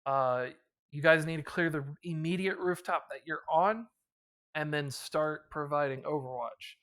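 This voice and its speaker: A man voicing a gruff male marine officer who delivers a brisk military briefing. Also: fairly high pitch, fairly bright tone. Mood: commanding.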